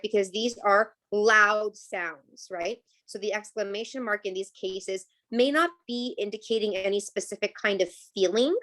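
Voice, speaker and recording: A woman's voice: mid-range voice, fairly bright tone. A woman teacher leading a live online class over a video call, explaining patiently and checking in with "right?" and "okay?".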